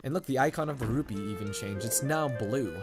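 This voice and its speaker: Let's play host, man, mid pitch; casual, rambling, jokey, game music under. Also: a little fast. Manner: chatty, rambling, joking. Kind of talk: game commentary. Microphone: condenser mic.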